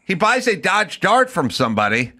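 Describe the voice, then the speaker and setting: A man's voice: sits high, moderate pace. A middle-aged man hosting a podcast, telling stories casually and acting out both sides of his conversations. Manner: animated storyteller, acts out both sides of phone calls. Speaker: podcast host. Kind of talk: casual chat.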